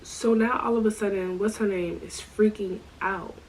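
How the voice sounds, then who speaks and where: A woman telling a storytime vlog in a casual, animated way, full of slang and asides. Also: mid-range voice, normal speed, slight background noise, poor audio. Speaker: storytime vlogger.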